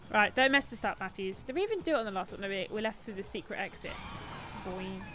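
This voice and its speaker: A woman's voice: mid-range voice, animated, a little fast, music in the background. A woman hosting a game livestream, joking and bantering with her chat in casual let's-play commentary. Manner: playful, jokey, bantering with chat. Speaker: streamer and show host.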